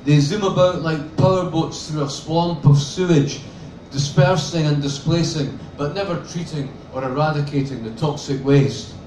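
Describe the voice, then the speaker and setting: A man's voice: fairly high pitch, normal speed, darkish tone, slight background noise. A man reading his novel aloud in a dry, sardonic first-person voice. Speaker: author reading. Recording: roomy sound from a distant mic with faint ambience.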